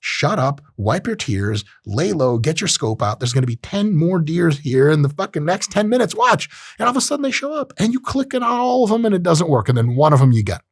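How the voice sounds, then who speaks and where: A man hosting a podcast, talking in a casual monologue, profane and animated, jumping into high-pitched voices. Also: brisk, hardly any pauses, no echo, studio quality. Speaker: podcast host.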